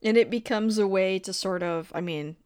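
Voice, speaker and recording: An American woman talks through a film in an easygoing, thoughtful way, agreeing readily and laughing often. Her voice sits at a middling pitch. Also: moderate pace, darkish tone, clear, resonant tone. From United States. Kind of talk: casual chat about a film.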